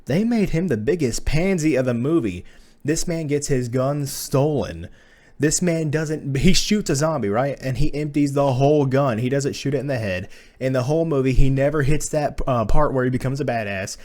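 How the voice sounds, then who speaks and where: A man's voice: medium pitch, normal speed, darkish tone. A man giving a casual spoken movie review, blunt and profane, slipping into exasperated rants.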